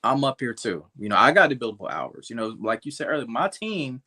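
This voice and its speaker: A man on a live panel, talking through an episode in a relaxed, conversational way. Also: mid-range voice, fairly quick. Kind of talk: casual panel discussion.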